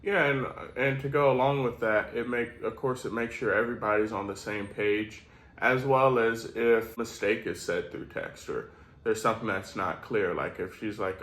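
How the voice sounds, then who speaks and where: A man's voice: fairly low pitch, normal speed, fairly bright tone, roomy sound, poor audio. A man co-hosting a casual chat, talking in an easygoing, rambling way. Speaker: co-host.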